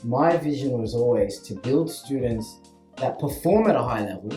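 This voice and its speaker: A man's voice: medium pitch, lively intonation, normal speed, warm tone. Australian man, maths teacher hosting a chat, emphatic and earnest; echoey room, faint music. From Western Sydney, Australia. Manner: earnest, emphatic, asks "right?" often. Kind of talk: casual chat.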